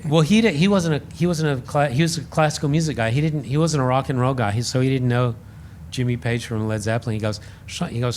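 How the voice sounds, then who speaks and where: A man guest on a podcast, telling a story in a casual, animated and self-deprecating way, acting out the voices he quotes. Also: medium pitch, quick pace, hardly any pauses, a little hiss or hum. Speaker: podcast guest, radio host.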